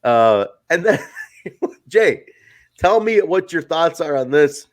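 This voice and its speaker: A man co-hosting a casual wrestling review podcast, excitable and swearing freely, acting out quotes as he talks. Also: a little high, slow pace. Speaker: podcast co-host.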